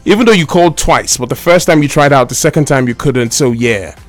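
A man's voice: medium pitch, brisk. A man with a Nigerian accent hosting a live radio call-in game, chatty and teasing with his callers. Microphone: studio microphone.

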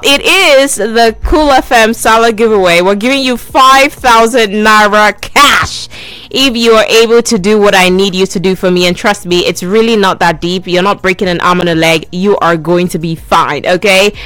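A woman radio presenter, hosting a lively call-in giveaway in a playful, teasing way. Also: medium pitch, smooth, no room sound. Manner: playful, teasing, repeats herself.

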